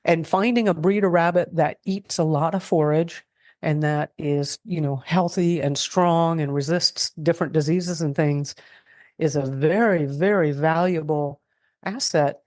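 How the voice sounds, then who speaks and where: A woman's voice: deep voice, unhurried, no echo. Middle-aged woman rambling on in an interview, dry close sound, lots of restarts. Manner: rambling, animated, many restarts. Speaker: guest expert on food self-reliance. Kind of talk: casual interview talk.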